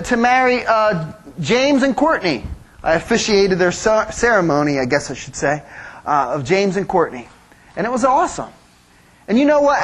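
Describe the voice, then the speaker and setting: A man preaching a sermon as pastor, animated, acting out quoted voices and making joking asides. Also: high voice, breathy edge.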